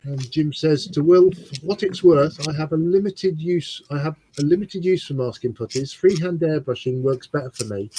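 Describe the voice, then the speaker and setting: A man's voice: fairly high pitch, moderate pace, hardly any pauses, warm tone, a little hiss or hum, poor audio. A man co-hosting a casual model-building livestream, reading viewer comments and trading dry banter. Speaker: livestream co-host.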